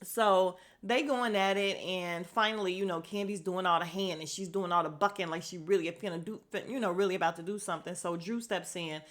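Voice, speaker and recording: Animated woman recapping reality TV. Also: on the low side, fairly quick, few pauses. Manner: animated storytelling, acts out quotes, laughs often. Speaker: podcast host. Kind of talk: casual reality-show recap.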